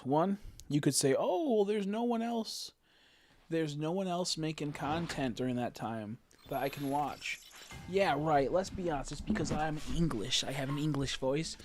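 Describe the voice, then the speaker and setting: A man's voice: on the high side, a little hiss or hum. A man streaming a game, chatting casually and rambling with lots of filler words while joking with his chat.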